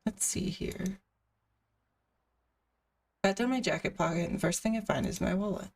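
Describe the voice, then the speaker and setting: A woman's voice: medium pitch, moderate pace, vocal fry, darkish tone, recorded from a distance. A woman streamer reading a visual novel aloud, with casual asides between the narration.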